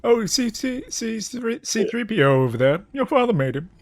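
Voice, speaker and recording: A man's voice: high voice, big pitch swings, normal speed, no echo, pitched above the performer's own voice. A man voicing a chatty old male Jedi mentor in an imitation refined British accent, as a sing-song parody. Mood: playful.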